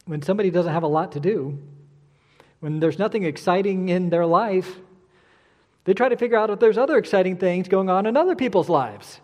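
A middle-aged man preaching a sermon, animated and acting out the voices he quotes. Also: sits high, fairly quick. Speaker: pastor. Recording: long hall reverb.

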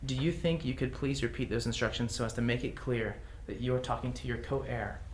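A man's voice: mid-range voice, steady tone, fairly quick. Chuckling man teaching in an echoey room. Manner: chuckles often, reads examples aloud. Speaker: teacher leading a class. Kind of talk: casual classroom teaching. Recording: echoey room with faint noise.

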